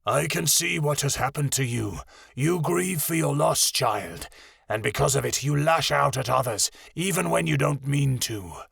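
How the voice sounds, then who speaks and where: A man voicing a wise white tiger guardian with a deep, rough, rumbling voice, calm and measured. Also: no echo, clean studio sound, heavily acted.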